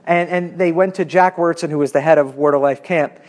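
Animated man teaching a Bible class. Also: fairly quick. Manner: animated, pitch swinging up when emphatic; conversational, with asides to the class.

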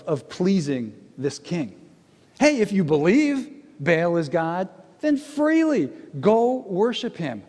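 A man's voice: high-pitched, darkish tone. A man preaching a sermon, telling the story with jokes and acted-out quotes. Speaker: pastor. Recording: long reverb of a large hall.

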